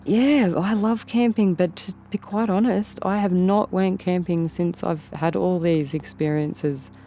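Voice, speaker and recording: Mellow-voiced Australian woman telling a story. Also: lowish voice, steady tone, a little slow, slight background noise. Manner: rambling, repeats and rephrases herself. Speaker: interview guest. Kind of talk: casual storytelling.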